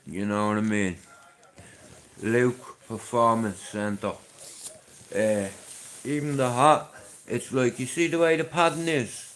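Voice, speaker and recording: A livestream host, middle-aged and with a Dublin accent, talks at a moderate pace in a mid-range, fairly bright voice. Suffering a chest infection that makes him sound chesty, he rambles casually to his viewers and swears without holding back.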